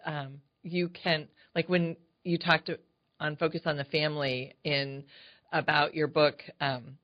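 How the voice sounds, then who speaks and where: An older woman co-hosting a casual chat show, talking in a chatty, animated way. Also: deep voice, unhurried, no echo. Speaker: co-host. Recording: dry, dull lo-fi sound.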